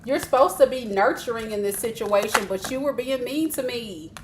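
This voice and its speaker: A woman's voice: fairly high pitch, moderate pace, roomy sound, background noise, natural voice. A woman voicing a sulking, hurt young man. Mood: wounded. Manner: whiny, wounded complaining.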